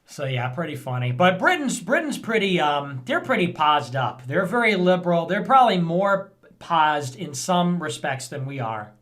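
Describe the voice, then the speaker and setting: A man hosting a vlog in a casual commentary style, rambling, sarcastic and thinking out loud. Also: fairly high pitch, big pitch swings, normal speed. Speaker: vlog host reading viewer messages.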